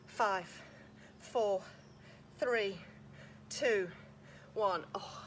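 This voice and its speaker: A woman's voice: medium pitch, very slow, fairly bright tone. Woman, fitness instructor, slightly out of breath, encouraging, counting reps, outdoors, faint background noise. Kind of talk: live online workout class.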